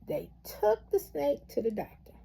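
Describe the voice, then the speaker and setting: A woman storyteller with a high, lively voice that swoops between phrases. She talks slowly and with animation, adding preacherly exclamations. Her voice is husky and gravelly. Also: a little hiss or hum. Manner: animated, laughing through the story. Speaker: motivational storyteller. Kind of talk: storytelling with a moral.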